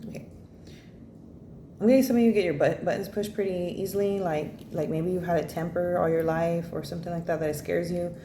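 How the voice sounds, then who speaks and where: A woman with a lowish, mellow voice speaks at a steady tone and a slightly quick pace. She's giving a casual tarot reading, blunt and rambling, swearing freely and sprinkling in "you know" and "like." The recording comes from an echoey room with faint background noise.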